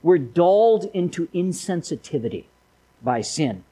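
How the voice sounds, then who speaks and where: Folksy preaching man, slightly high voice. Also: sing-song, unhurried, mellow, breathy edge, low-quality recording. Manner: folksy storytelling, rising to emphatic preaching. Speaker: pastor. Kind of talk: sermon.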